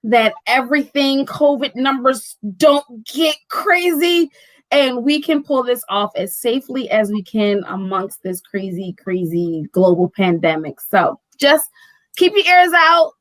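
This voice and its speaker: Bookstore owner, woman, high voice, lively storyteller peppering "like", dry sound. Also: measured pace, dry recording, low-quality recording. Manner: animated storyteller, acting out quoted dialogue; fills speech with "like" and "right?". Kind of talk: casual chat.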